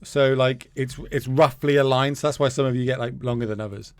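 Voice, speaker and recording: Joking streamer, dry sound. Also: male voice, medium pitch, fairly even intonation, brisk, clean tone, dry recording. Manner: chatty, joking with chat, swears casually. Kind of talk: casual game stream chat.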